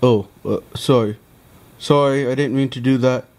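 A man's voice: mid-range voice, moderate pace, a little mellow, natural voice. A man voicing a laid-back plush bear who hands out casual advice in a homemade toy skit, talking in an offhand, easygoing way.

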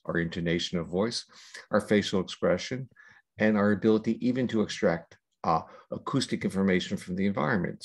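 An older man speaks as a scientist guest in a podcast interview, laying out ideas at length in a measured, lecturing manner. His voice sits low and gravelly, with a husky edge. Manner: measured, lecturing with long explanations. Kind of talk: explanatory interview talk.

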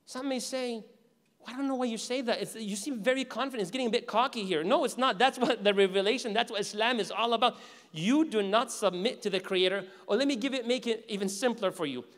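A man giving a religious lecture at a mosque in an animated way, acting out imagined speakers and asking the audience questions. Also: extremely high pitch, brisk. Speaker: Islamic teacher. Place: mosque hall. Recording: long hall reverb.

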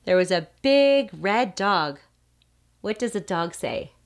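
A woman speech therapist reads a picture book aloud to toddlers. Her voice rises and falls in a lively, sing-song way, and she takes her time. She stops to ask the child questions and makes playful animal sounds. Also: on the low side, measured pace.

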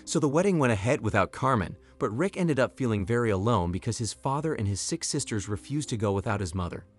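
A man narrating a scripted story, reading every character's lines in a mostly even voice. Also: on the low side, fast talker, slightly rough. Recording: soft background music.

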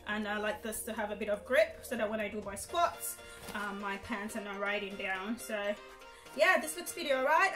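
A chatty young woman vlogger talks viewers through her latest clothes haul at home, rambling with fillers and little giggles. Her voice sits a little high and sounds bright and clear, picked up by the camera mic. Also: poor audio. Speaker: fashion vlogger. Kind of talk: casual haul video chat.

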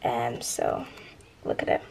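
A woman's voice: slow, darkish tone. A woman chatting in a bubbly, rambling way as a book vlogger. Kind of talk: chatty vlog.

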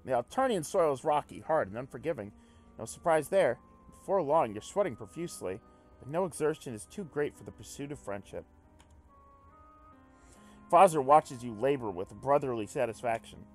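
Let's play host: a man narrating a visual novel, animated, quick to swear and react. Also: mid-range voice, soft background music. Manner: excitable, swears, jumps between reading and reacting. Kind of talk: reading a visual novel aloud with commentary.

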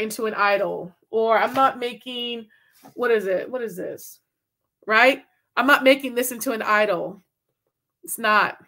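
A woman's voice: a little high, fairly bright tone. A woman preaching a casual video sermon in a slangy, fervent way, often checking in with her listeners. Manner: casual, slangy, fervent, keeps asking "right?".

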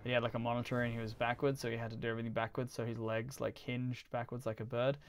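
A man's voice: mid-range voice, monotone, fast talker. A man chatting casually while he plays on a game stream. He rambles and laughs often. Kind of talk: casual chat while gaming.

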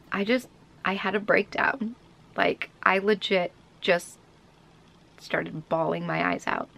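A woman's voice: fairly low pitch, creaky, bright, forceful tone. A young woman vlogger telling a personal story to camera in a rambling, emotional, heartfelt way.

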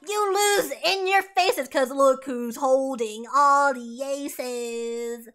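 A woman voicing a brash, scheming male demon trickster, loud and drawn out, half singing his taunts. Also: high voice, very slow, full character voice. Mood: gloating. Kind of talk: sung and acted musical lines.

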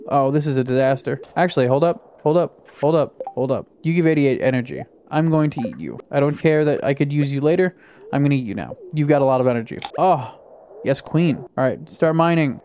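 A young man casually commenting on his own gameplay, excitable and chatty, talking to himself and to the game. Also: a little high, a little hiss or hum. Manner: excitable, talks to himself and the game, yelps at surprises. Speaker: gaming YouTuber. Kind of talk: casual let's-play commentary.

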